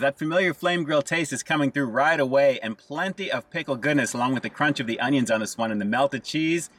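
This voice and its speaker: A man casually reviewing fast food on his vlog, upbeat and full of catchphrases, talking to viewers as "guys". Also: on the high side, fairly bright tone, distant mic.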